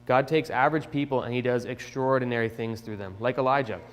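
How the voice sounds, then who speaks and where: A young man telling a children's Bible lesson in a chatty, animated way, with restarts, in an echoey church hall. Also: medium pitch, quick pace. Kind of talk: casual Bible storytelling for children. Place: church sanctuary.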